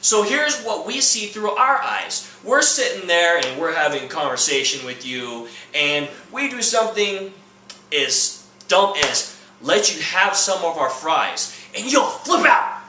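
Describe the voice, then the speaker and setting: A young man with a strikingly high, bright voice rants through a comedy bit, acting out quoted lines and bursting into shouts. He is recorded in an echoey room. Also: big pitch swings, unhurried, a little hiss or hum. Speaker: comedy vlogger. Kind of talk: comedic rant to camera.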